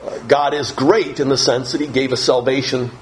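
A man's voice: medium pitch, fairly even intonation, normal speed, slight background noise, poor audio. A male pastor preaching a Bible-teaching sermon, reading verses aloud and stressing key phrases with strong emphasis.

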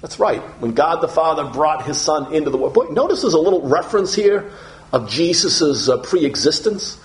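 A man preaching a sermon, earnest, often repeating words and slowing down for emphasis. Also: on the high side, big pitch swings.

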